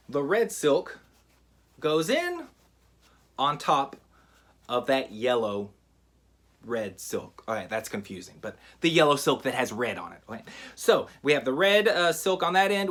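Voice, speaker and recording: A man teaching a magic trick in a relaxed, chatty how-to style, with frequent fillers. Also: a little high. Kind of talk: casual how-to tutorial.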